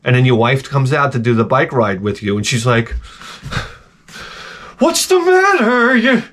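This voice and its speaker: A man's voice: medium pitch, fairly quick, fairly bright tone. Profane, exasperated man ranting casually. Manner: acts out voices in exaggerated bursts. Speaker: video host.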